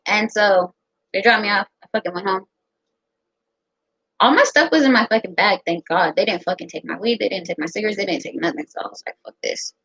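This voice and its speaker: A young American woman telling a personal story in a casual, profane, animated way. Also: medium pitch, brisk, creaky, breathy edge, dry recording. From United States. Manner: profane, animated, quotes others in her own voice. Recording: dull lo-fi sound.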